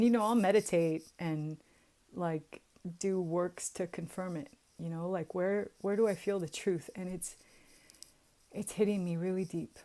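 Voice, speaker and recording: A woman's voice: on the low side, warm tone. A young woman talking casually to her viewers in a chatty way, with many fillers and frequent laughs. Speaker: vlogger. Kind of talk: casual confessional vlog.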